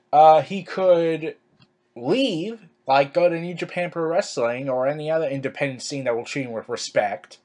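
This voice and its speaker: A man ranting sarcastically to camera in a vlog, crude and full of stammered restarts. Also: fairly high pitch. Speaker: wrestling commentary vlogger. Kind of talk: opinion rant to camera.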